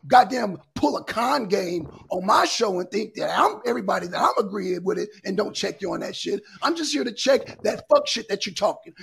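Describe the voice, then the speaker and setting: Heated high-voiced raspy male host. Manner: profane, heated, repeats himself. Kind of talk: heated panel debate.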